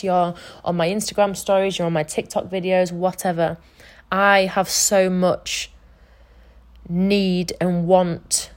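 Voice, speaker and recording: A young woman hosting her own podcast, talking earnestly and emphatically about changing her life, swearing freely as she goes. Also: lowish voice. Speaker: podcast host and life coach. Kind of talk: casual motivational monologue.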